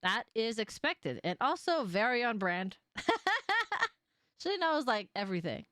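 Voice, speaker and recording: Young woman streamer chatting, bouncy voice, laughs a lot, kinda slow, dry close sound. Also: on the high side, no echo. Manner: animated, laughs often, swears casually. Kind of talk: casual live game stream chat.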